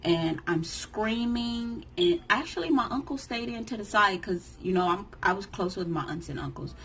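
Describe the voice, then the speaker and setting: A woman in her thirties, a vlogger, telling a personal story to camera in an emotional, animated way, acting out what others said. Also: mid-range voice, moderate pace, a little hiss or hum, low-quality recording. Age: 30s. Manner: emotional, animated retelling that acts out others' lines.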